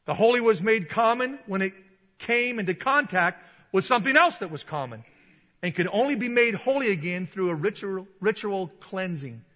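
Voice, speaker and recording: A male preacher delivers a sermon with a high, bright voice, animated and given to shouted peaks. The sound is dull and carries a long reverb from a large hall. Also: normal speed.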